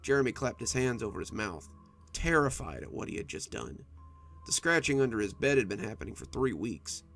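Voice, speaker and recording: A man reads a spooky story aloud in a gravelly, creaky voice, his pitch rising and falling dramatically through each line. Soft music plays faintly underneath the narration. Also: big pitch swings, a little fast.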